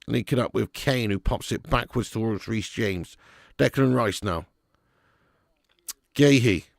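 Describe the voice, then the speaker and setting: A man's voice: mid-range voice, gravelly, no room sound, clean studio sound. A man hosting a live football watch-along, chatting with viewers by name and commentating with sarcasm.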